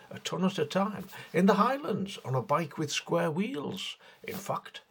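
Gravelly man in sarcastic satirical commentary. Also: a little high. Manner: mocking, sarcastic delivery with lively swings.

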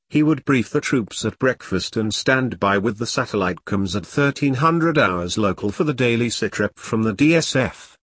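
A man reading a story aloud in a steady, measured narration. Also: medium pitch, dry recording, studio quality. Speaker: audiobook narrator. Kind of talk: scripted narration.

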